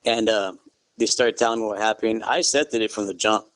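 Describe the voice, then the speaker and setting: A middle-aged man, a guest in an interview, telling his story in a relaxed, good-humored way and saying "you know" often. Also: fairly low pitch, fairly quick, no room sound. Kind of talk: casual interview.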